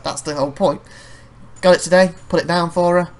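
A man's voice: sits high, fairly even intonation, fairly quick. Man, chatty let's-play host, rambles off on tangents, laughs a lot. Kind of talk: casual gameplay commentary.

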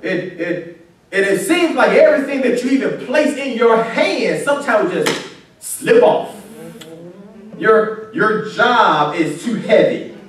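A man delivers an emphatic call-and-response sermon, crying out in a strikingly high voice that swings up and down. He sits far from the microphone, and the church around him rings with heavy echo. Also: expressive, slow, a little hiss or hum. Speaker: preacher. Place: church sanctuary. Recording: very echoey church from a distance.

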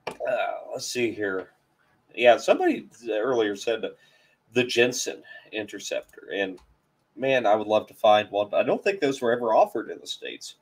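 Animated, rambling man hosting a stream. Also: fairly low pitch, normal speed, slightly rough. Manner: rambling, hesitant, self-deprecating. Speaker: host of a car channel live stream. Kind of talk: casual live-stream chat.

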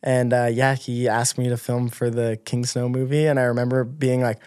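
A man in his twenties, a guest on a podcast, telling stories in a lively, casual way, full of filler words. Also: mid-range voice, normal speed, clear, resonant tone, no echo, studio quality. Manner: animated, lots of filler words, acts out quotes. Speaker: guest snowboarder. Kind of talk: casual storytelling. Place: podcast studio.

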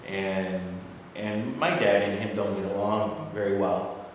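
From the audience of an assembly hall, a man with a low voice shares a personal story, speaking a little slowly. He rambles and restarts but livens up when quoting people. He sounds far from the mic, with long reverb and clear room noise.

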